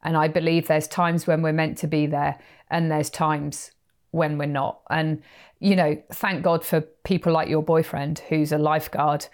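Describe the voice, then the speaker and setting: A woman with a low, grounded voice tells a story in casual conversation. She talks animatedly and jumps into quoted lines as she acts out the people in the story. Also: a little mellow. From England. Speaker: podcast co-host.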